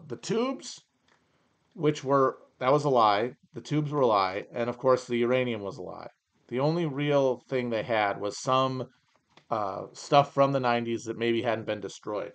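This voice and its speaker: A man hosting a podcast, riffing in a sarcastic, profane, rambling way while he reads aloud and comments. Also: mid-range voice. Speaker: podcast host. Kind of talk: casual comedic commentary.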